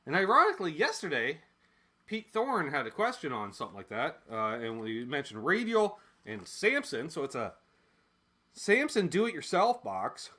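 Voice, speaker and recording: A man from Canada talks through old music gear in a loose, jokey ramble, with the odd swear thrown in. His voice sits a little high and swings up and down a lot. The tone is bright and forceful, and he drifts away from the mic as he lifts and moves things. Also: huge pitch swings, moderate pace. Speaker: gear vlogger. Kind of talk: casual unboxing chat.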